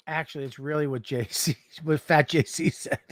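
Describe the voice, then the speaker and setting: A man's voice: on the high side, moderate pace, dry recording, clean studio sound. A man co-hosting a podcast, telling profane stories animatedly in casual chat. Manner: animated, profane storytelling with mock voices. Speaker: podcast co-host.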